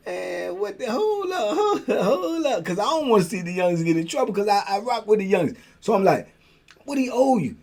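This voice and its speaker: An older man telling a prison story in casual slang, acting out the voices of the people in it. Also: on the high side. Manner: animated, acts out voices of others in his story. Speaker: storyteller host.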